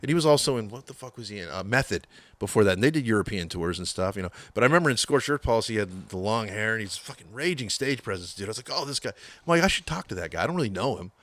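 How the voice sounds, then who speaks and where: A middle-aged man is a guest on a podcast, telling stories in a casual interview. His voice is fairly low and very fast, with no echo. He's an animated storyteller who swears a lot and acts out what others said.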